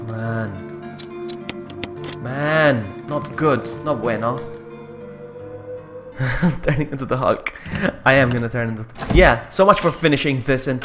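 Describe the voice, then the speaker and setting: A man streaming a horror game, talking to himself in casual commentary that swings from low muttering to frustrated yelling.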